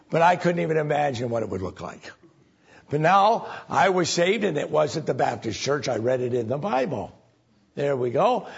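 Folksy preacher man with a gravelly voice. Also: fairly high pitch, dull audio. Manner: folksy, conversational preaching with sudden raised emphasis. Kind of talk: sermon.

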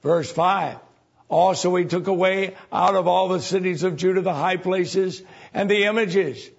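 The sermon comes through muffled and lo-fi, like an aging church recording. The preacher's gravelly, husky voice sits slightly high, and his folksy, conversational delivery moves at a measured pace, frequently jumping up to stress a point.

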